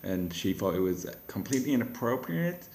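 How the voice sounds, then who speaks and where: A man's voice: on the low side, very animated, brisk, darkish tone. Rambling man, roomy sound. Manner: self-deprecating, rambling with restarts. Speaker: comedian vlogger. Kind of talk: casual rambling vlog. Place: rented flat. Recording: echoey room.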